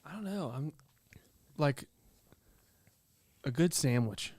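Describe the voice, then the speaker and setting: A man's voice: a little high, animated, slow, heavy background noise. A man in his thirties, a podcast co-host, talking hesitantly and searching for words in casual chat.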